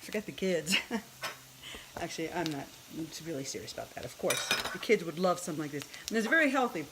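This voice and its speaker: With a lowish voice and lively intonation, a woman in her fifties talks a little fast as she cooks in her home kitchen for a casual vlog. She chats, thinks aloud, and jokes at her own expense. There's heavy background noise, from a sizzling pan to clattering dishes.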